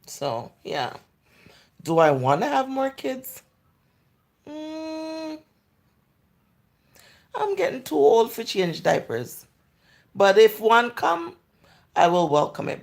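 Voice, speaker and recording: A woman's voice: fairly high pitch, big pitch swings, takes it slowly, vocal fry, long pauses, a little mellow. A woman in her forties with a Jamaican accent, chatting casually on a livestream and answering viewer comments, candid and slipping into patois. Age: 40s. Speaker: livestream host.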